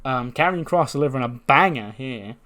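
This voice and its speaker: A man hosts a game playthrough with loose, joking commentary. His voice sits at a middling pitch, and he talks casually and crudely, with plenty of fillers. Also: animated, fairly quick, sharp tone. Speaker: gaming video host.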